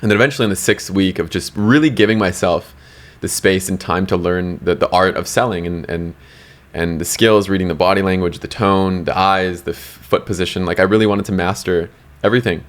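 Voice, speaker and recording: Podcast guest, male, from Canada, low-pitched, chatty and rambling with restarts. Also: a little fast. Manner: rambling, many fillers and restarts. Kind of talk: casual storytelling interview.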